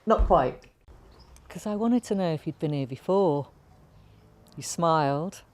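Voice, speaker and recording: A woman giving a wry, dry stage monologue at an unhurried pace. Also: low-pitched, lively intonation, darkish tone. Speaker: actor.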